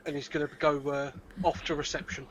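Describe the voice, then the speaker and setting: A man's voice: on the high side, flat delivery, fairly quick, fairly bright tone, a little hiss or hum. A man playing a tabletop game over a video call, cheerful and giggly, narrating his character's actions. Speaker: player. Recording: dull lo-fi video-call audio.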